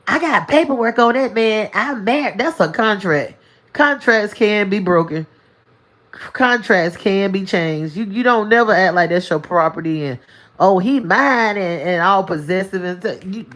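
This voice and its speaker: Emphatic, preachy woman streamer. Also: medium pitch. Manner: emphatic, preachy, colloquial with folksy asides. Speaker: spiritual live-streamer giving advice. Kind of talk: casual livestream monologue. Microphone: single mic on a livestream.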